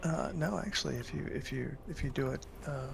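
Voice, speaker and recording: A man chatting casually with a friend during a game, relaxed and explaining things by listing them. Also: medium pitch, a little fast, vocal fry, over loud music. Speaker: friend in voice chat. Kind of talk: casual gaming chat.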